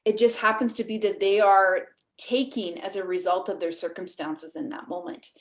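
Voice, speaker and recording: A woman's voice: medium pitch, steady tone, normal speed. A woman with a Canadian accent, talking animatedly as a guest in a podcast interview, laughing often. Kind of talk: casual interview.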